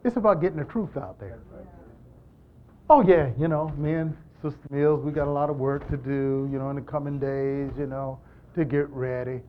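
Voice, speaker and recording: A man preaching a sermon in an animated, emphatic style, repeating lines and moving between loud and hushed delivery. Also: mid-range voice, moderate pace, lo-fi sound, slight background noise. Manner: repetitive, emphatic call-and-response delivery.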